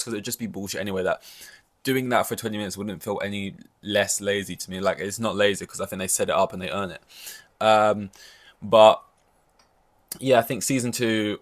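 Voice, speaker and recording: A man's voice: on the low side, fairly bright tone. A man hosting a podcast in loose, rambling casual chat, full of "like" and the odd swear word. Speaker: podcast host.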